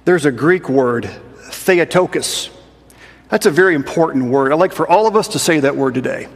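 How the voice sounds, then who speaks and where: A man preaching a sermon in a measured, explanatory way with rhetorical asides. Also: a little high, lively intonation, long reverb tail. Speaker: pastor.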